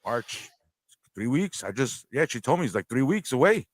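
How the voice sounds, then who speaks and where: A man's voice: mid-range voice, big pitch swings, normal speed, no echo. A man co-hosting a casual livestream, tossing in joking, exclamatory asides. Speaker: livestream co-host.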